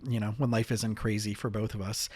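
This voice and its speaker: A man's voice: lowish voice, flat delivery, fairly quick, a little mellow, dry recording, clean studio sound. A man hosting a podcast as a marriage and family therapist, chatting casually with lots of fillers and restarts.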